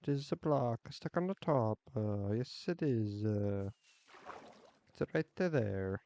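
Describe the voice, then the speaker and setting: A man's voice: on the low side, lively intonation, takes it slowly, dark tone, a little hiss or hum. A man streaming a game, chatting casually in a rambling, goofy, jokey way. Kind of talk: casual live-stream chat while playing.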